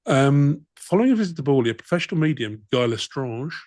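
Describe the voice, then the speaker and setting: A man reads a document aloud on a comedy podcast, then drifts into wry, deadpan asides. His voice sits at a middling pitch. The sound is close and dry with no room echo. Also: fast talker. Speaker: podcast co-host.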